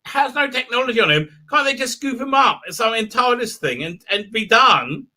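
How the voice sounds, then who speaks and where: A man's voice: extremely high pitch, expressive, moderate pace, pushed and bright. A man hosting a live stream, recapping an episode in a rambling, sarcastic way with many fillers. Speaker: show host.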